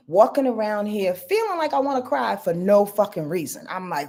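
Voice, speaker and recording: A woman hosting a live astrology reading, talking casually and profanely with emphatic repetition, sometimes sinking to a hushed whisper. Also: mid-range voice, very animated, moderate pace. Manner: drops to a hushed whisper at times. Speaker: astrology show host.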